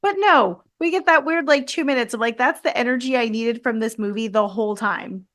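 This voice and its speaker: A woman co-hosting a podcast, chatting casually about a horror movie, quick to agree and joke along. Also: fairly high pitch, fairly bright tone. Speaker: podcast co-host. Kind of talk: casual movie commentary chat.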